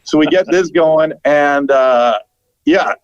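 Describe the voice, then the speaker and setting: A middle-aged Canadian radio broadcaster telling lively anecdotes as a podcast guest, laughing and acting out what people said. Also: male voice, on the high side, slow, clean tone, dry recording, lo-fi sound. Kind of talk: storytelling in a podcast interview.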